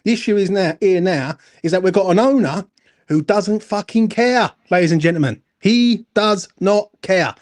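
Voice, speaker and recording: Angry and sweary, a high-voiced man goes on a football fan rant at normal speed, hammering the same points repeatedly. He keeps pressing his co-host for agreement, repeating "do you know what I'm saying".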